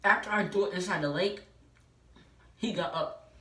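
A woman's voice: fairly low pitch, moderate pace, a bit bright. A woman vlogger telling a personal story in a casual, emphatic way, with many filler "like"s. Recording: echoey room, mic at a distance.

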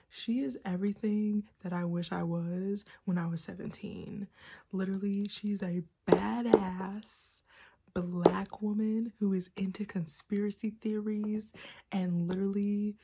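A sleep-deprived woman in a book vlog, talking fast and giddy in a half-whisper, with a mix of Southern and Californian American accent. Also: mid-range voice, steady tone, warm tone, a little hiss or hum. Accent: mixed Southern and Californian American. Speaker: book vlogger. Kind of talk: excited early-morning book chat.

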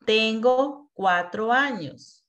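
A Spanish teacher from Colombia on a video call, saying phrases very slowly and carefully so learners can repeat them. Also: female voice, on the high side, a bit bright, dull audio. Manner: very slow, careful enunciation. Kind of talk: modeling phrases for repetition.

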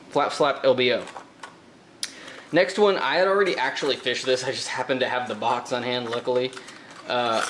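A man's voice: mid-range voice, slight background noise. Laid-back man rambling through an unboxing. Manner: relaxed, rambling, many fillers and repeats. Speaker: fishing vlogger. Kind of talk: casual tackle unboxing talk.

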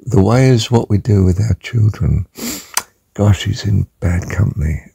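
An older man giving an emphatic spiritual talk, slow and deliberate, sometimes dropping to a hushed whisper. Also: no room sound. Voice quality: very deep gravelly voice. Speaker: religious teacher.

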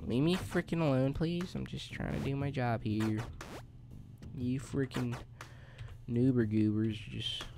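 A man's voice: mid-range voice, unhurried, creaky, over music. A young man giving casual let's play commentary, chatting along and yelping in panic whenever his character is attacked. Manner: excitable, yelps and shrieks when attacked. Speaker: gaming YouTuber.

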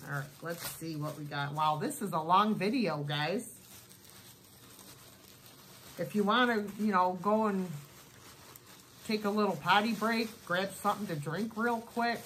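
A woman's voice: mid-range voice, a little slow, pauses often, fairly bright tone, slight background noise, low-quality recording. A woman chatting at home in a casual haul video, gushing over each thing she unpacks. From United States. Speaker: thrift vlogger.

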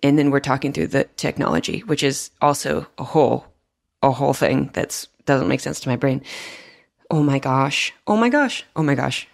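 A young female podcast host with a low voice, gushing and rambling with excitement. She talks over a video call in casual, chatty bursts. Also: moderate pace, creaky. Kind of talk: casual interview chat.

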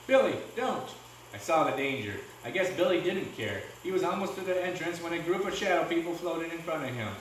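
Guy reading a book out loud to his class, echoey room, mic kinda far off. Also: fairly high pitch, a little fast, hardly any pauses, a little hiss or hum. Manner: steady, with small restarts. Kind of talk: reading a storybook aloud.

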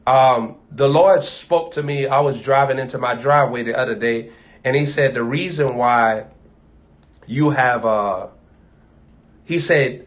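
An American man preaching a sermon, chanting and repeating phrases, swinging from loud to soft. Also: mid-range voice, measured pace.

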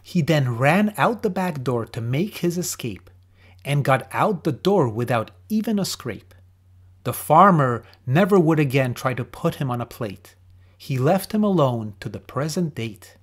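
A man narrating a rhyming children's story with a lively, sing-song delivery. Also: a little high, a little slow, slightly rough.

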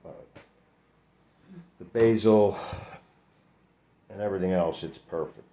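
A man's voice: low voice, slow pace, warm tone. A man co-hosting a home cooking video, wisecracking and swearing casually at his partner. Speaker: co-host, partner. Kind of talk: casual joking banter. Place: home kitchen.

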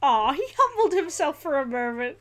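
Shrieking, laughing high-voiced woman. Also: moderate pace. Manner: excitable, laughs and shouts often. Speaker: reaction video host. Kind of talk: excited reaction commentary.

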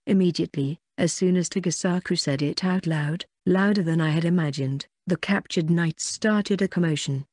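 A synthetic voice reading a light novel aloud in an even, scripted narration, reading punctuation and web links out word for word. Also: medium pitch, moderate pace, few pauses, dry recording, studio quality. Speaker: audiobook narrator.

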